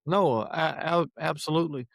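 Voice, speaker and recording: Gravelly-voiced male host, dry sound. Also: fairly high pitch, no room sound. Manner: supportive, halting with restarts. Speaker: interview host. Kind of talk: conversational interview.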